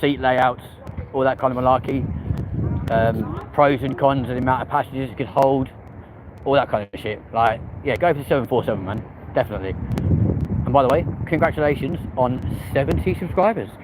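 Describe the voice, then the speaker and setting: A man's voice: mid-range voice, brisk, background noise. A man, chatting casually with viewers on a live stream and swearing lightly. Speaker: vlog host. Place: outdoors in a city street.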